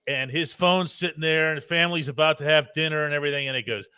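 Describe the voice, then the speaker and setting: A man's voice: a little high, fairly even intonation, quick pace, pushed and bright, clear, resonant tone, no room sound. A man co-hosting a casual sports talk show, chatty and explaining things at length. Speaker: co-host, sports columnist.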